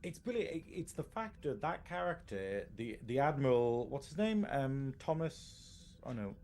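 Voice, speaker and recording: A man's voice: mid-range voice, very animated, measured pace, darkish tone, slight background noise. Rambling man on a podcast. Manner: rambling, self-interrupting, laughs often. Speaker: podcast co-host. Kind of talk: casual live podcast chat.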